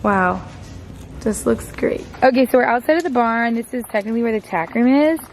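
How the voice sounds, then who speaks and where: A woman's voice: on the high side, lively intonation, fairly quick, a little hiss or hum. A young woman narrating her building project in a bubbly, enthusiastic vlog style. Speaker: vlogger.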